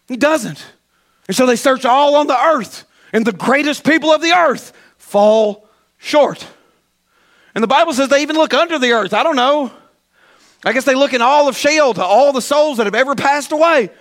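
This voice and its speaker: A high-voiced man preaching a sermon to his church. He tells the story with drama, climbing to shouts and sinking to whispers. He stumbles and repeats words as he goes. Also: lively intonation, moderate pace. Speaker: pastor.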